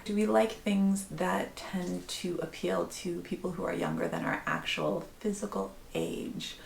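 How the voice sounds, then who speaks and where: A woman's voice: fairly low pitch, creaky, echoey room, a little hiss or hum. A middle-aged woman talking candidly in a personal vlog, rambling a little, restarting phrases and laughing often. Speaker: vlogger.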